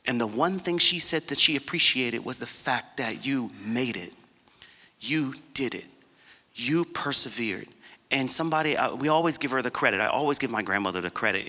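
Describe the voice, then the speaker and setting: A man in his forties gives a keynote, telling his personal story with emphasis. His voice is strikingly bright and tense. Long reverb from a large conference hall trails behind every phrase. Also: medium pitch, fast, hardly any pauses. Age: 40s. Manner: earnest, emphatic storytelling that acts out dialogue. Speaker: keynote speaker.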